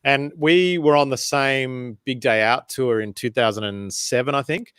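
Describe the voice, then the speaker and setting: A man's voice: mid-range voice, moderate pace, smooth, no echo. Self-deprecating male host, dry sound. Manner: self-deprecating, animated storyteller. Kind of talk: casual chat.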